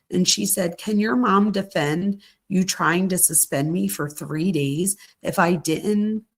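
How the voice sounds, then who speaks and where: A middle-aged woman with a low voice and plenty of vocal fry reads a string of text messages aloud. She keeps it conversational, slipping in casual asides between the quotes as a true crime host.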